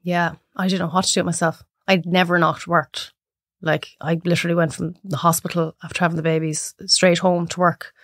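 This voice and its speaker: A woman in her thirties with an Irish accent, chatting as a podcast guest and acting out her clients in high voices. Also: little pitch movement, a little fast, dry recording, clean studio sound. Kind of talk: casual chat.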